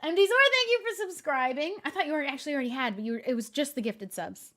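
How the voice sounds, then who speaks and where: A young woman streamer chatting casually with her viewers, laughing often and talking in a deadpan way. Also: sits high, rapid-fire. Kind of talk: casual chat.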